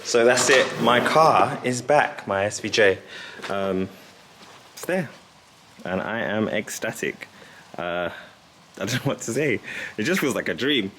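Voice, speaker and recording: Excitable man, low voice, roomy echo. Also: noisy background. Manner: excitable, gushing, quick bursts of laughter. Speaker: car vlogger. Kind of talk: casual vlog talk to camera.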